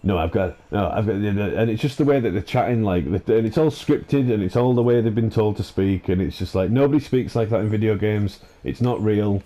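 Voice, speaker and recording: A man's voice: fairly low pitch, normal speed, few pauses, warm tone. A man hosting a gaming channel, ranting in an exasperated, sweary way, full of fillers and restarts. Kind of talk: ranting commentary over gameplay.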